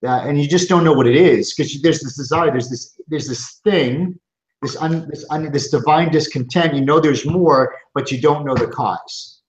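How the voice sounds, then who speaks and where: A middle-aged man, a chiropractor and coaching group founder, speaks at normal speed in a somewhat high voice. He gives an earnest, emphatic motivational webinar talk from his office, often restarting sentences, with roomy, dull lo-fi sound.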